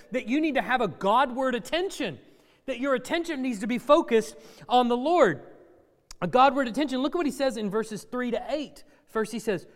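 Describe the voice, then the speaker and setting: A man preaching a sermon to a congregation, conversational with dry sarcastic humor. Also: extremely high pitch. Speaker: pastor. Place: church sanctuary. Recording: long reverb of a church hall.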